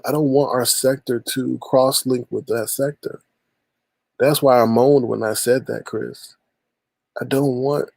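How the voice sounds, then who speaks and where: A man's voice: medium pitch, gravelly, a little mellow, slightly rough, dry recording. A man hosting a casual livestream, talking with callers and addressing his chat by name, often repeating himself. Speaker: livestream host.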